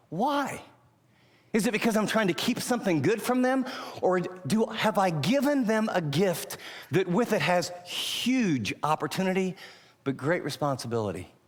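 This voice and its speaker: A man preaching a sermon, emphatic, asking rhetorical questions and moving between loud and hushed delivery. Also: sits high, long reverb tail. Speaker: pastor.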